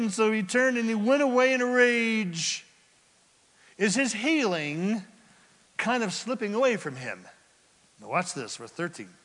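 A high-pitched man preaches through a passage verse by verse, animated and lively as he throws rhetorical questions at the congregation. He acts out the people in the story as he goes. His voice rings with the long reverb of a church hall. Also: unhurried. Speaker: pastor. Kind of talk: expository sermon.

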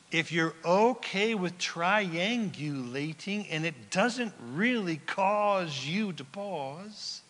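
Emphatic high-voiced preacher in reverberant hall. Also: male voice. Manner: swings between loud shouting and hushed whispers; urgent, emphatic preaching with call-and-response questions. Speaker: pastor. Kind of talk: sermon.

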